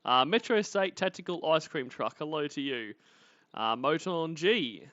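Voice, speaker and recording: A man's voice: a little high, animated, a little slow, bright, forceful tone, no echo. A man with an Australian accent hosting a livestream, rambling and mocking and swearing freely as he comments. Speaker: livestream host. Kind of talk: casual commentary. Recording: dry, slightly muffled audio.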